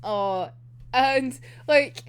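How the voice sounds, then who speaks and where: A woman's voice: sits high, drawn-out words, clean tone. A young woman reacting to a manga chapter, gushing, giggling often, swearing freely and saying "like" constantly. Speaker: manga reviewer.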